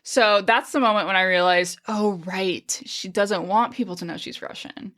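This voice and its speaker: A woman's voice: mid-range voice, moderate pace, fairly bright tone. A woman co-hosting a podcast in casual chat, chatty, laughing often and swearing freely. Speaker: podcast co-host.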